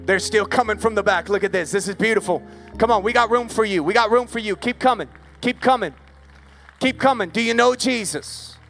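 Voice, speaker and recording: High-voiced impassioned male preacher. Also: a little fast, gravelly, fairly bright tone, soft background music. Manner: impassioned, repetitive preaching cadence. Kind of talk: revival sermon with altar call. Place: outdoor service.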